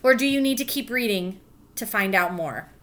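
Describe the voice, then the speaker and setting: A woman teacher reading a picture book aloud to children, gently pausing to ask questions and spelling letters out slowly. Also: mid-range voice, lively intonation.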